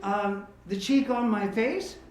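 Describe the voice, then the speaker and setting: A man entertaining an audience, telling jokes and stories in a lively, animated way. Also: high voice, slow pace. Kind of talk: joke telling and storytelling to an audience. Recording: echoey hall, distant mic, faint guitar.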